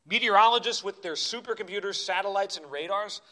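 A man preaching a sermon in a church, impassioned, swinging between urgent cries and quiet asides. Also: high-pitched, a little fast. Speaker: pastor.

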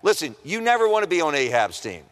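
A man's voice: fairly high pitch, sing-song, fast talker. A man preaching a sermon to students in a conversational, humorous way, acting out the voices of people in the story. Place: chapel or auditorium at a Christian school. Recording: long hall reverb.

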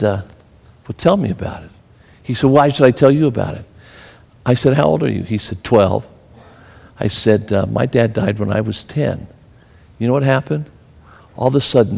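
Pastor, male, mid-pitched, preaching in a church hall with long reverb, storytelling turning emphatic. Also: creaky, a little mellow. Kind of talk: sermon.

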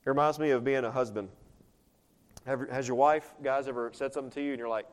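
A pastor preaches a sermon in a mid-range voice at a quick pace, animated throughout. He acts out quoted voices and swings between loud and soft.

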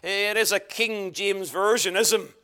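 A man's voice: high voice, slow, sharp tone, smooth. A man preaching a sermon, emphatic and earnest, often repeating words for stress. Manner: emphatic, varied delivery with repeated phrases.

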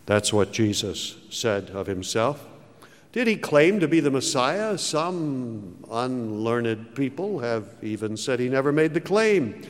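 Slow, emphatic preacher man in a reverberant hall. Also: sing-song. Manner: slow, emphatic preaching with dramatic pitch swings. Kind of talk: sermon.

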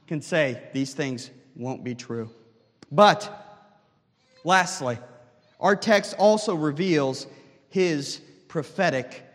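A man's voice: a little high, in a large hall. A man, a pastor, preaching a sermon earnestly and asking the congregation rhetorical questions.

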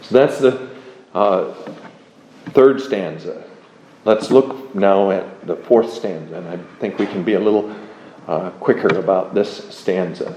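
A man teaches a class in a slow, unhurried lecture, working through the material with measured pauses. His voice sits low and mellow. The classroom rings with echo, and a faint hum of room noise lies underneath. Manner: measured, deliberate, with pauses and fillers.

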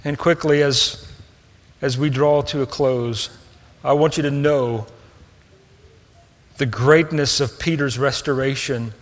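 A man's voice: medium pitch, fairly even intonation, slow pace, pauses often. Man preaching with hall reverb. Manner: earnest, swings from soft and hushed to raised and emphatic. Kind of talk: sermon.

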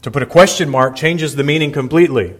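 A man's voice: fairly high pitch, quick pace. A male pastor reading scripture aloud and then preaching a verse-by-verse sermon, explaining words with emphasis.

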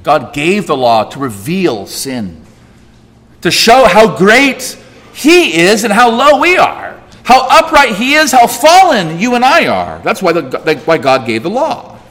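A man's voice: big pitch swings, a little slow. A man preaching a sermon as pastor, emphatic and full of rhetorical questions, his voice rising and dropping sharply for stress. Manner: emphatic, rhetorical questions, big swings in pitch and loudness. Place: church sanctuary. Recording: long hall reverb.

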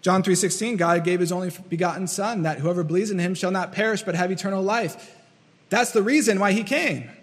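A man's voice: sits high, fairly quick, slightly rough, in a large hall. A man preaching a sermon in an earnest, repetitive way, acting out the voices he quotes. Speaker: pastor.

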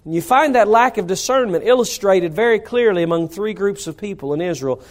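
A man's voice: high-pitched, animated, brisk. A middle-aged man from North Carolina, a pastor preaching a sermon with rising emphasis.

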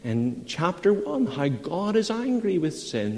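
Male pastor, slightly high voice, slow earnest sermon delivery, reverberant church sound. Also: very animated, darkish tone. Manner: slow, earnest preaching with rising emphasis. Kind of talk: sermon with scripture reading.

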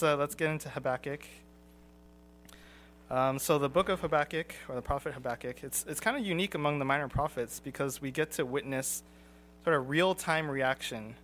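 Man teaching a Bible class, halting delivery. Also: mid-range voice, a bit bright, slight background noise. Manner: conversational, frequent ums and restarts.

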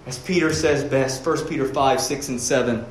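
A man's voice: medium pitch, fairly even intonation, moderate pace, reverberant, a little hiss or hum. A man preaching a sermon as pastor, earnest and pleading, asking his listeners questions.

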